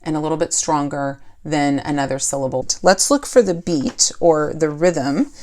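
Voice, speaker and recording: A woman's voice: deep voice, normal speed, darkish tone. A woman teaching a poetry lesson for children, explaining step by step and asking the class questions.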